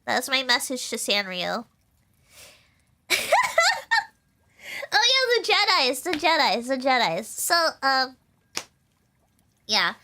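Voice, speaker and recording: A young woman streamer chats casually about her life, rambling through stories with plenty of fillers and giggles. Her voice sits high and bright, and her pitch bounces up and down animatedly. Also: animated, slow, long pauses, slight background noise. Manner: rambling and chatty, with frequent fillers and laughs. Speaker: VTuber streamer.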